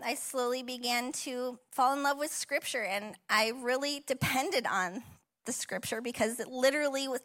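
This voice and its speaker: A woman in her thirties, a pastor giving a personal testimony sermon in a church, conversational, emotional and encouraging. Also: on the high side. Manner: emotional, tearful at times, warm and encouraging; conversational with frequent fillers and laughs. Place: church auditorium.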